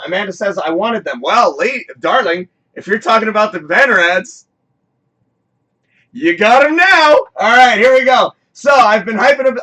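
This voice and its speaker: Male host for a home-studio live show: high, bright voice, loose rambling delivery, curses and shouts freely. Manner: rambling, excitable, swears freely, bursts into shouts. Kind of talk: casual live-stream chat.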